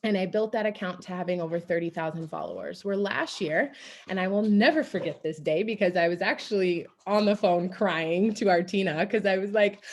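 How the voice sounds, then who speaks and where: Young woman, animated motivational storyteller on a team call, middle pitch. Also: normal speed. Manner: energetic, animated storytelling with acted-out quotes. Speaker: guest speaker on a team coaching call.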